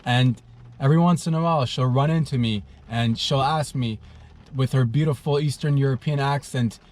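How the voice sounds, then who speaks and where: A man's voice: mid-range voice, moderate pace, darkish tone. A young man hosting a comedy podcast alone, with crude humor and a rambling style that keeps losing its train of thought. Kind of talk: rambling solo comedy monologue.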